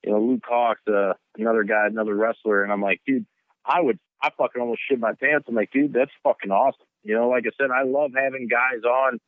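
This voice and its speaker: A man's voice: medium pitch, fairly even intonation, a little fast, no echo, narrow, tinny audio. A man hosting a podcast, chatting enthusiastically and swearing often. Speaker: podcast host. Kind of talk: casual chat.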